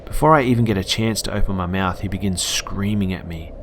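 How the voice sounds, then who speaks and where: A young Australian man narrating a scary true story for his channel in a steady, earnest manner. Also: deep voice, a little fast, a little hiss or hum. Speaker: YouTube storyteller. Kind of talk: reading a scary story aloud.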